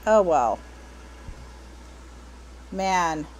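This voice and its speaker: A woman's voice: fairly low pitch, animated, drawn-out words, slight background noise. An American woman hosting a live crafting stream, chatting casually and wryly, trailing off and restarting as she works. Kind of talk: casual chat while crafting.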